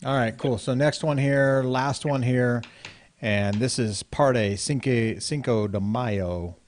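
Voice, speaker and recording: A man hosting a casual real estate talk show, relaxed and laughing along as he moves between segments. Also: medium pitch, slow. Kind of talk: casual banter.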